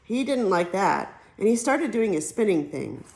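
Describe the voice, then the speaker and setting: A woman reads a children's novel aloud as an audiobook narrator. Her pitch swings widely as she tells the story, with bouncy, expressive storytelling. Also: normal speed, gravelly, low-quality recording. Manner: lively storytelling, switches into character voices.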